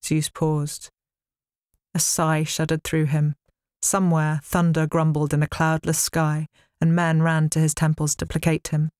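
A woman's voice: low-pitched, monotone, moderate pace, darkish tone, clean tone, no echo. A woman author reading her own novel aloud in a studio, with wry storytelling. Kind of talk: dramatic book reading. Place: recording studio.

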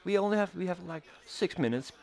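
A man's voice: high voice, expressive, quick pace, gravelly, a little mellow. A man voicing a cocky pro cyclist who loves his fans, in a gaming stream role-play, showy and exclaiming.

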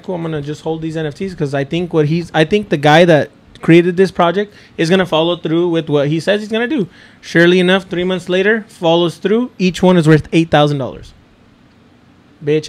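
A young man chatting casually as a podcast guest, an excitable storyteller who swears freely. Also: on the high side, brisk. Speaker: podcast guest, NFT creator. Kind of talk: casual chat.

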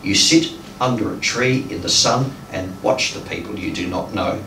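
A man's voice: sits low, normal speed, gravelly, bright, forceful tone. A man giving a live poetry reading, hesitant and full of ums between poems. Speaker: poet reading his work. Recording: echoey room, distant mic, faint noise.

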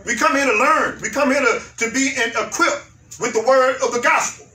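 Man, pastor, fervent sermon, shouting, very high voice, echoey room. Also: brisk. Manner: fervent preaching, rising to shouts, repeats phrases. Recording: echoey room, mic far off.

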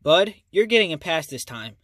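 A man's voice: fairly high pitch, sing-song, normal speed, pushed and bright, no echo, clean studio sound, full character voice. A man reading the part of a confident, teasing boy with superpowers. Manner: teasing, upbeat delivery. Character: cocky super-strong flying boy, grinning and confident.

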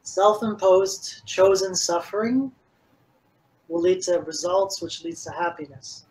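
Interviewed as a fitness coach, a high-voiced man speaks at a measured pace over poor audio. He tells stories casually and energetically, sprinkling in lots of "like."

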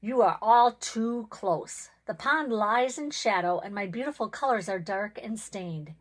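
Fields: Figure: proud, selfish male pond spirit, voiced by a woman. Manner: ranting, rising high and loud when upset. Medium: storybook reading. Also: a little slow, close to an everyday voice.

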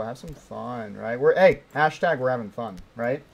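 A man's voice: mid-range voice, normal speed, creaky, slightly rough. A young man streaming a climbing game, talking to himself and his chat, often yelping when startled. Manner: excitable, yelps and shouts when startled; talks to himself and chat between plays. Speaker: gaming streamer. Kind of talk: live gameplay commentary. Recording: faint background noise.

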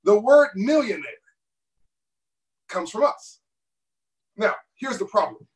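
A man with a high voice talks as an interview guest, pressing each point with emphatic bursts and short laughs. He sits away from the microphone, so the call sound is thin and distant. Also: lively intonation, takes it slowly. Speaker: guest author. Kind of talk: passionate interview talk.

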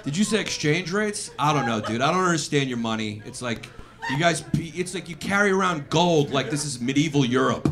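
A male comic riffs improvised stand-up in a comedy club. His voice is lively and swings widely in pitch, and it jumps high when he plays characters. The crowd roars behind him. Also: fairly quick. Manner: animated, loud, launching into silly character bits. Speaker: guest comedian. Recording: live club with loud crowd.

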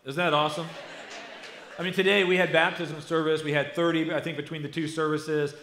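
A middle-aged American man, lead pastor of his church, preaching a conversational, animated sermon. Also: fairly high pitch, a little fast. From United States. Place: church sanctuary. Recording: echoey church hall.

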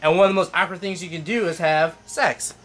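A man's voice: sits high, steady tone, brisk, fairly bright tone. A young man talking in casual chat, awkward, polite and flustered. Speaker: interviewee.

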